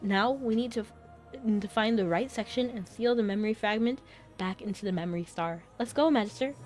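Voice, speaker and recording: Woman voicing a calm game guide spirit, quiet, even read. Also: medium pitch, fairly quick, soft background music, close to an everyday voice. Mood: explaining.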